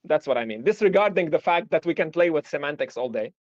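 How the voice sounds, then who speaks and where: A man's voice: fairly high pitch, expressive, fast talker, dry recording, dull audio. A man lecturing on philosophy in a live-streamed discussion, explaining through examples and rhetorical questions.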